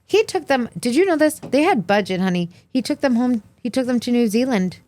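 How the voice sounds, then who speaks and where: A woman's voice: on the high side, expressive, fairly quick, a little mellow, no room sound. A young woman co-hosting a podcast, recapping reality TV in casual chat and acting out quotes in many voices. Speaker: podcast co-host.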